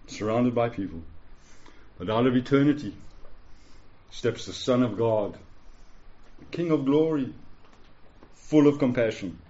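A man's voice: medium pitch, dark tone. A man preaching a sermon in an earnest, pleading way, often asking his listeners "yeah?". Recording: dull lo-fi recording.

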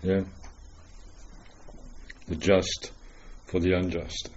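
A man preaching a dramatic, earnest sermon full of rhetorical questions, swinging between loud declarations and hushed words. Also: sits low, little pitch movement, very slow, highs cut off, slight background noise.

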